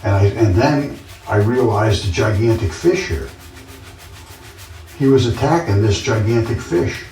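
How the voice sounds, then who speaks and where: A man's voice: fairly low pitch, measured pace, long pauses, a little mellow. A man talking in a casual monologue, earnest and insistent, often repeating himself as he tells his story. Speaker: vlogger. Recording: roomy, distant from the mic.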